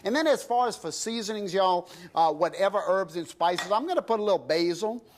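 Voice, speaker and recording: A man's voice: high-pitched, brisk, a little hiss or hum. A middle-aged man with a South Louisiana accent, chatting folksily with the audience while demonstrating a recipe. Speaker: TV cooking show chef. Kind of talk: cooking demonstration.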